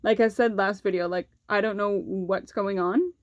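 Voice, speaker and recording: A woman's voice: mid-range voice, steady tone, moderate pace, no room sound, dull audio. A young woman vlogger telling a personal story in a candid, casual way, swearing freely and saying "like" often.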